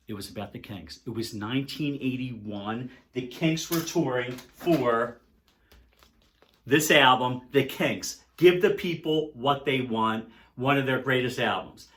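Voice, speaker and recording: An older man telling a concert story to camera in a casual, animated way. He swings from loud excitement to hushed dread. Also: medium pitch. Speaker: music vlogger.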